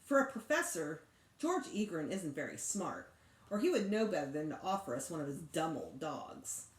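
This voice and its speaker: Animated woman reading a children's book. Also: low voice, moderate pace. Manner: expressive, animated storytelling. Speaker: teacher. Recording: echoey room.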